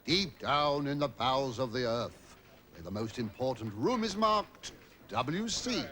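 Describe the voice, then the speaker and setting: A man's voice: mid-range voice, very animated, unhurried. An actor playing a cheeky army batman full of innuendo, chatty and fawning toward his colonel. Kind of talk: British sitcom acting. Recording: noisy recording with hiss.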